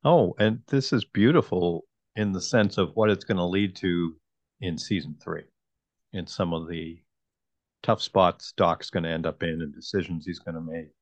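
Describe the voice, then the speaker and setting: A man's voice: deep voice, moderate pace, dry recording, dull audio. A man co-hosting a podcast, musing casually about the show's story. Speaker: podcast co-host. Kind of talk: casual recap chat.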